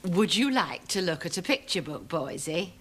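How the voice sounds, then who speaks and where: An actress playing a fussy, genteel middle-aged hostess, gushing in an affected way. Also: female voice, mid-range voice, big pitch swings, takes it slowly, sharp tone, full character voice.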